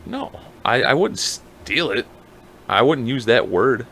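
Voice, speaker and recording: Lively, bright-voiced man chatting. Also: medium pitch, slow, gravelly, a little hiss or hum. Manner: animated, profane, jokey. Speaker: podcast co-host. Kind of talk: casual chat.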